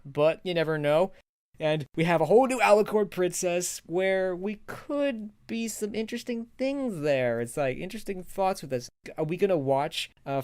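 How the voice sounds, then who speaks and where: A man giving a casual, rambling spoken review, laughing often and jumping into excited high quoted voices. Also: clean tone, no echo, clean studio sound. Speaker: video reviewer.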